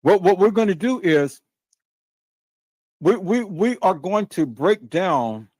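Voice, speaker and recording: Speaking slowly in a high-sitting, expressive voice with a darkish tone, a livestream host rants heatedly, recorded dry. He curses emphatically, repeats himself and keeps stammering into restarts.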